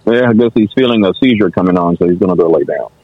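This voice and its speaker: A man's voice: deep voice, lively intonation, fast talker, no echo. Man on a dull, dry remote line. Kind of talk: casual chat on a live show.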